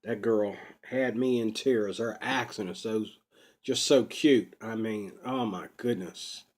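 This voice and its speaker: A man talking to camera in a rambling personal vlog, unscripted and full of drawn-out ums. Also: on the low side, darkish tone. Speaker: vlogger. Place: Pittsburgh.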